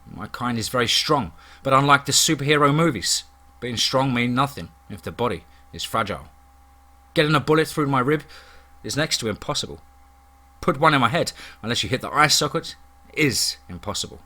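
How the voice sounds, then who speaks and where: A man narrating a first-person horror story in a steady, dramatic storytelling manner. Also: mid-range voice, brisk.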